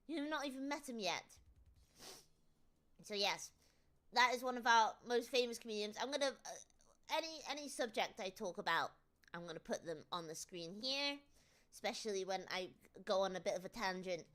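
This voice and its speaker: A woman's voice: mid-range voice, lively intonation, normal speed, a bit bright. A woman with a British accent chatting casually on a livestream, teasing her viewers with jokey banter and frequent restarts. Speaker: VTuber streamer.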